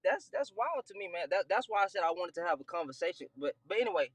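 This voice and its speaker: A man's voice: sits high, sing-song, fast, slightly rough, rough recording. A man speaking as a guest on a panel call, earnestly explaining and defending his point. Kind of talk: casual debate on a call.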